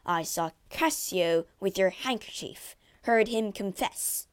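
A brooding, jealous general of a storybook speaks in curt, stony growls, voiced by a woman reader. His lines are slow, weighed and heavy. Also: medium pitch, smooth, close to an everyday voice. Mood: harsh. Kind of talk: storybook reading.

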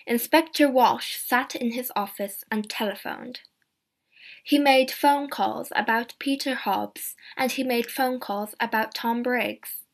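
A woman narrates a simple graded story at an unhurried pace. Her voice sits slightly high, and she reads every word clearly and deliberately. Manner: slow, clear, deliberate reading. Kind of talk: scripted narration of a graded reader.

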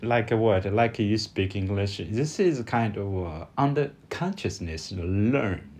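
A man with a Chinese accent, a native Chinese speaker co-hosting a podcast in casual chat, halting as he searches for English words. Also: on the low side, expressive, darkish tone. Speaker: podcast co-host.

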